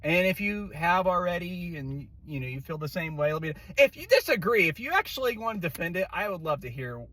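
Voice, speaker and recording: A man's voice: high-pitched, sing-song, brisk, hardly any pauses, bright, forceful tone. A man giving an exasperated, profane movie rant, full of swearing, fillers and restarts. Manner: rambling with many fillers and restarts. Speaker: movie reviewer. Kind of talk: angry casual rant.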